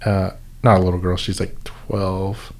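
Rambling man telling a story, lowish voice. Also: flat delivery, unhurried. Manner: rambling, full of fillers and restarts. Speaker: volunteer event organizer. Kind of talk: casual storytelling.

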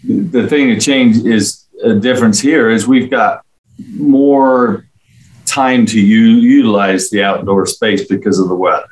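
Middle-aged man from England, low-pitched, easygoing interview guest, rambling storyteller. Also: unhurried, poor audio. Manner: rambling, friendly storytelling with fillers. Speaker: interview guest, local resident. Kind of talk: casual conversational chat.

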